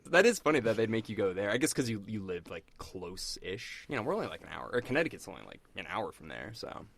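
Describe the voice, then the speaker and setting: A man's voice: lowish voice, big pitch swings, fast, creaky, a bit bright. A man co-hosting a podcast, talking in a casual, chatty way with lots of fillers. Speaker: podcast co-host. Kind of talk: casual chat.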